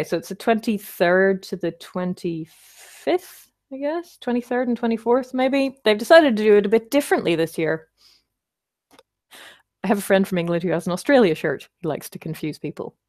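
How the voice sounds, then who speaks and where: A woman's voice: mid-range voice, darkish tone. A woman hosting a casual livestream, chatting and rambling as she answers viewer comments, with wry self-deprecating asides.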